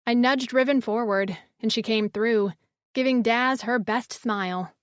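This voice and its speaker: A woman narrating a first-person fantasy audiobook in a measured storytelling manner. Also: fairly high pitch, smooth, dry recording, studio quality.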